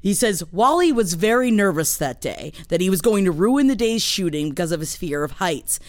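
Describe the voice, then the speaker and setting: A woman co-hosting a podcast in casual chat, telling stories in a gushing, animated way. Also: on the low side, moderate pace. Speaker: podcast co-host.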